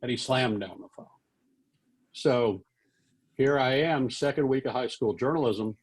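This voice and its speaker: An older man from Texas in his sixties spins a lively anecdote for an audience. He talks at an average pitch and jumps into different voices for the people he quotes. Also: measured pace, pauses often, husky, rough recording. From Fort Worth, Texas. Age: 60s. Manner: animated, acts out quoted voices. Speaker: veteran newspaper columnist. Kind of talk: storytelling talk to an audience.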